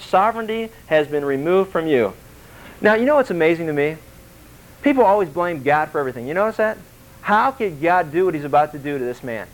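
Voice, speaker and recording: A man preaching a sermon in a conversational, animated way, asking the congregation questions and acting out quotes in shifting voices. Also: a little high, rough recording. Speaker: pastor.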